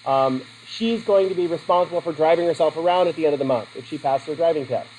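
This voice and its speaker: Middle-aged guy teacher, kinda high voice, jokey lecture, asks the class stuff, faint noise behind. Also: fast talker, darkish tone, rough recording. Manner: joking, conversational, asks the class questions.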